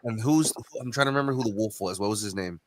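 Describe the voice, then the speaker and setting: A man co-hosting a casual podcast, talking in excited quick bursts. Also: fairly low pitch, no echo. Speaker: podcast co-host.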